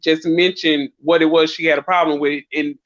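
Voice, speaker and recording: A woman's voice: deep voice, level tone, moderate pace, crowd noise. A middle-aged woman on a live-stream panel. She talks in a reflective, earnest way with long winding turns. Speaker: panel guest. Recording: dull, dry lo-fi stream audio.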